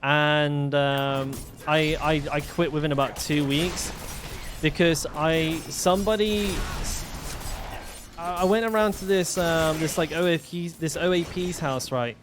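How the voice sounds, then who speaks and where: A man's voice: fairly high pitch, fairly even intonation, a little slow, over music. A young man streaming a game, telling stories in a rambling way, swearing freely with lots of fillers and restarts. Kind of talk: casual storytelling while gaming.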